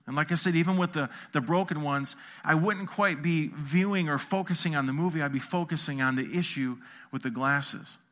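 Middle-aged pastor guy telling a story in his sermon, kinda high bright voice, does little voices for people. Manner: animated, acts out quotes with a shifting voice.

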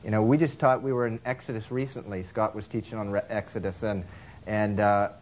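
A man preaching a sermon in a conversational way, halting with restarts and fillers, acting out characters' voices as he tells a story. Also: muffled recording, slight background noise. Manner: acts out characters' lines with lively swings in pitch. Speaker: pastor.

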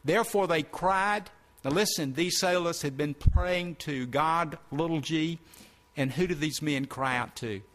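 A man's voice: fairly high pitch, measured pace, a bit bright. A man preaching, reading scripture aloud and stopping to explain it to his listeners. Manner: reads verses then breaks in to explain. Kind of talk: sermon reading scripture with commentary.

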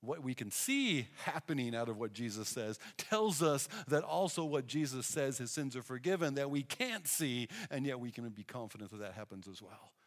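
A man preaching a sermon, telling Bible stories in an animated way and acting out the people he quotes. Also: medium pitch, normal speed, few pauses. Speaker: pastor. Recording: long hall reverb.

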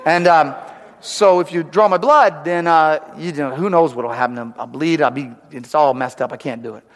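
A man's voice: a little high, normal speed, long reverb tail, close to an everyday voice. A man voicing a drunk driver who stammers out apologetic excuses to a police officer. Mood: pleading.

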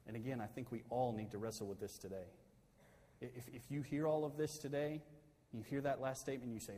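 A male pastor preaching a sermon, swinging from loud, emphatic peaks down to soft, quiet pleading. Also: mid-range voice, fairly quick, a little hiss or hum. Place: church sanctuary. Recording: long hall reverb.

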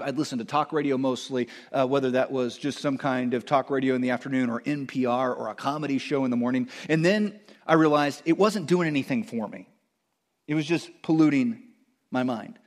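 A middle-aged man preaching a sermon as pastor, animated, growing loud on quoted lines and stumbling into quick restarts. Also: mid-range voice.

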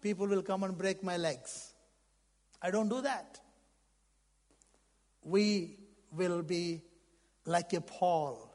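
A man preaching a sermon in English that is not his first language, fervent, swinging between loud outbursts and hushed lines. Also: high-pitched, slow, long pauses. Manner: non-native English phrasing. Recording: long reverb of a large hall.

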